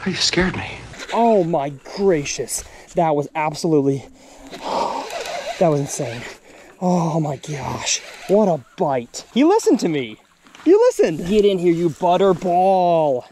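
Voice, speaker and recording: A man, hosting a fishing vlog from a boat outdoors, excitedly exclaiming and talking to the fish as he catches them. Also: on the high side, takes it slowly, pauses often, noisy background. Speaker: fishing channel host.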